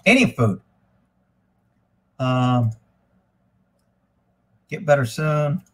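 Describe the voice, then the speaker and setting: A man hosting a casual live stream, rambling and swearing freely, getting animated when he retells a story. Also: mid-range voice, extremely slow. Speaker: livestream host. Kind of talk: casual livestream chat.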